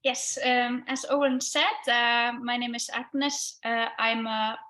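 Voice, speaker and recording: Slow-speaking woman artist giving a talk. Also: on the high side, steady tone, sharp tone. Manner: thoughtful, hesitant with fillers. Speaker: guest artist. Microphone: video call with headphones.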